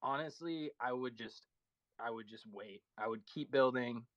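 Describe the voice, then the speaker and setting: A man in a casual online chat, giving relaxed advice with some swearing. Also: mid-range voice, normal speed, highs cut off. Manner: laid-back, advising, casual swearing.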